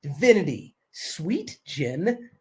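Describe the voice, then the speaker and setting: Hyped self-help coach, soft chants. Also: male voice, on the high side, big pitch swings, slow. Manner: hypnotic repetition, drops to soft near-whispers; hyped, self-assured motivational talk. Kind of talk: live online masterclass.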